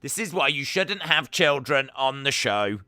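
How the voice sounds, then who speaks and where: A man's voice: mid-range voice, animated, measured pace, bright, forceful tone, no echo, clean studio sound. A man hosting a live reaction stream, chatting and joking about what he is watching, with frequent uhs.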